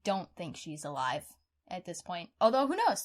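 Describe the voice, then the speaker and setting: A woman co-hosting a true-crime podcast in casual chat, animated and outspoken, swearing freely. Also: lowish voice, normal speed. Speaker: podcast co-host.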